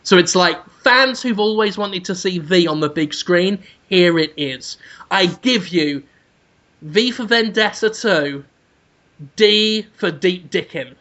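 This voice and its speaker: A man's voice: sits high, takes it slowly, lo-fi sound. A man, a podcast co-host telling a crude comic story with energy. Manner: energetic, crude, hums tunes. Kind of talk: comedic storytelling chat.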